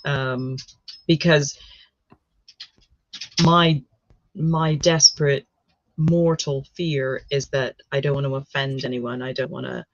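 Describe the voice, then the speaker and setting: An American woman talks casually, often pausing with fillers and restarting her sentences. The recording is dull and lo-fi, with a dry sound close to the mic. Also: very deep voice, little pitch movement, dry recording. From United States. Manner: hesitant, many ums and restarts. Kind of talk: casual chat.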